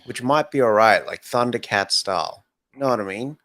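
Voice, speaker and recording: A man's voice: medium pitch, normal speed, bright, forceful tone. A man co-hosting a podcast, chatting casually in a laid-back way and swearing now and then. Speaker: podcast co-host. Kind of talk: casual chat.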